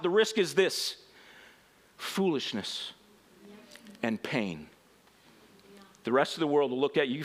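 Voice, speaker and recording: A male pastor preaching a sermon, animated, swinging from quiet asides to shouted emphasis and laughing at himself. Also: fairly high pitch, moderate pace.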